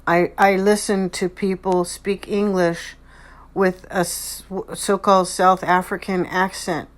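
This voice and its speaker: On her channel, a woman analyzes someone else's speech in video clips, wandering off and repeating herself as she goes. She talks at a measured pace in a fairly low voice with little pitch movement.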